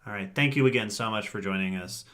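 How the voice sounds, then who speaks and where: Man, podcast co-host, bright forceful tone, easygoing rambling with frequent laughs. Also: lowish voice, fast talker. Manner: rambling, laughs often, reads chat comments aloud. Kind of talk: casual livestream sign-off chat.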